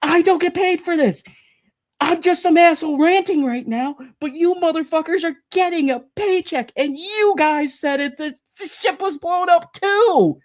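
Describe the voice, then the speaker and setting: A woman's voice: extremely high pitch, moderate pace, hardly any pauses, darkish tone. A woman hosting a commentary channel, delivering a furious, profane rant, stammering when heated and mocking her critics. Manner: furious, sweary, mocking sing-song impressions of critics.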